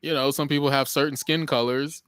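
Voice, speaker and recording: A man's voice: medium pitch, steady tone, fairly quick, fairly bright tone, clear, resonant tone, dry recording. Rambling man on a podcast, dry sound. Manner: rambling, full of fillers and restarts; reflective, self-aware musing. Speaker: podcast co-host. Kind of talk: casual podcast chat.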